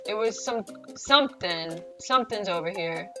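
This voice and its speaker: Excitable woman narrating her gameplay. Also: on the high side, a little slow, pauses often, faint music behind. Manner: excitable, swears often, sudden squeals. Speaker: gaming channel host. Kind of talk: let's play commentary.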